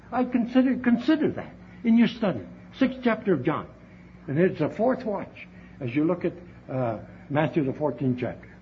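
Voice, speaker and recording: A man preaching a heartfelt sermon to his congregation, often calling out to them as brethren. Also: on the high side. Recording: dull, lo-fi recording with faint hiss.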